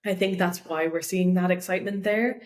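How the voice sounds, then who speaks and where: A woman's voice: on the low side, steady tone, a little fast. A young woman, a voice coach, talking thoughtfully as a podcast guest, with many likes and restarts. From Ireland. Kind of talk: casual interview talk. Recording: roomy echo.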